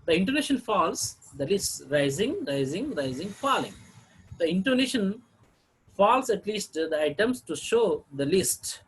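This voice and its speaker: A man gives a lecture on English intonation, speaking each sample sentence twice with lively, swinging pitch. His voice is husky and sits a little high, and he stops now and then to clear his throat. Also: rough recording. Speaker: English teacher.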